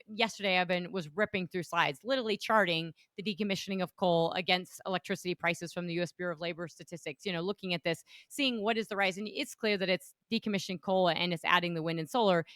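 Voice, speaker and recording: Woman podcast host, talks fast and emphatic, lots of restarts, dry close sound. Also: on the low side, a bit bright, dry recording. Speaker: podcast host and energy economist. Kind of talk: casual political podcast chat.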